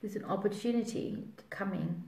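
A woman's voice: medium pitch, normal speed, gravelly, darkish tone. A woman psychic giving a spiritual reading in a rambling way, full of fillers. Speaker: psychic reader. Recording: roomy echo.

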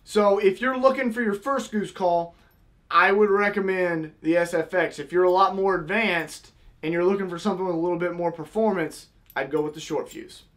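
High-voiced man teaching goose calling. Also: normal speed, a bit bright. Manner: step-by-step, demonstrating with vocal honk sounds. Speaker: goose call instructor. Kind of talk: casual how-to tutorial.

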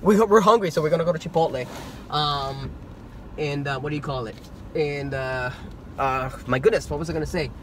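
Guy vlogging out and about, kinda high voice, rambly and hyped, lots of ums, faint noise behind. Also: fairly quick. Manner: excitable, rambling with many fillers. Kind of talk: casual vlog chat. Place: outdoors and in a car around shops.

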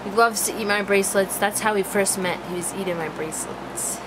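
A woman's voice: mid-range voice, a little fast, background noise. A young woman filming her dogs outdoors on a handheld camera, laughing often and chatting playfully in baby talk to her pets. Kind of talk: casual home video chat. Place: outdoors at sunset.

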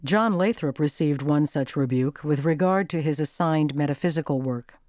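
Narrator in mid pitch, steady scripted delivery, dry sound. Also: moderate pace, no echo. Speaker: documentary narrator.

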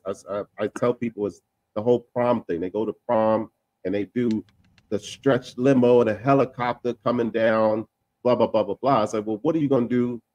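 Animated man talking in a dry studio. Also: medium pitch, no room sound. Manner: animated, repeats words and trails off into filler sounds; laughs while talking. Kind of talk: casual panel discussion.

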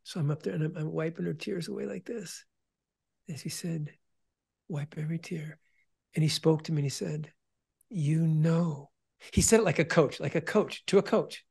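A man telling an emotional testimony about starting his ministry, earnest, often restarting and repeating words, dropping to a hush when quoting. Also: a little high, fairly quick, vocal fry, slightly rough. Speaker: ministry founder and guest.

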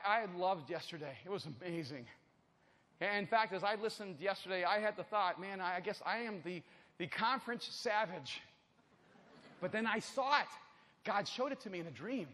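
A man preaching at a conference, telling a personal story with humor and swinging from loud bursts to hushed, intense passages. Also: high-pitched. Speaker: conference speaker. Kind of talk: storytelling sermon. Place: church auditorium. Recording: large hall with long reverb, faint ambience.

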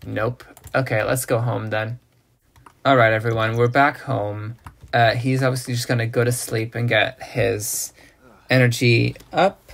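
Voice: medium pitch, steady tone, a little slow, fairly bright tone, faint music behind. A let's play host giving casual gameplay commentary, chatty and thinking aloud while teasing the game characters.

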